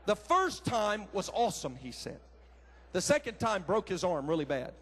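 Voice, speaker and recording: A high-pitched man in his thirties preaching to a crowd. He tells homespun family stories in an animated way, jumping into loud acted quotes. A lively, folksy pulpit style. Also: moderate pace, background noise. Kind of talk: sermon with personal story. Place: large conference hall.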